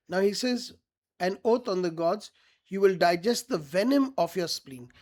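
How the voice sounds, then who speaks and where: A man's voice: sits high, normal speed. Male teacher. Reads a line aloud, then explains it simply and checks students follow. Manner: reads each quote then paraphrases it plainly, often checks "got it?". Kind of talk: line-by-line literature lesson.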